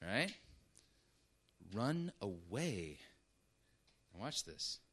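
A man's voice: mid-range voice, expressive, measured pace, sharp tone. A male preacher giving an emphatic sermon, often checking in with his listeners. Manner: emphatic, keeps checking in with "right?" and "okay?".

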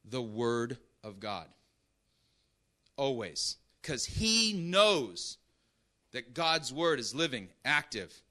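Male preacher, bright and forceful, deliberate pace, keeps asking "right?". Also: medium pitch, sing-song. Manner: emphatic, keeps checking in with "right?" and "okay?". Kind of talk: sermon.

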